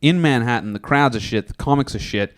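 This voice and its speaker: A man rambles through a story on a comedy podcast, swearing freely as he goes. His pitch sits in the middle range, and his delivery stays casual and loose. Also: a little fast. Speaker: podcast co-host.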